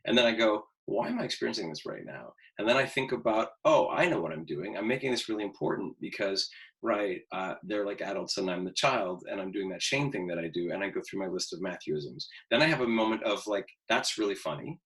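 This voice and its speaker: A man's voice: lowish voice, expressive, brisk, a bit bright, poor audio. A man in his fifties, an acting teacher giving a casual, candid talk to students, swearing freely and acting out his own inner voice with self-mocking humor. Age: 50s. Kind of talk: casual pre-class talk.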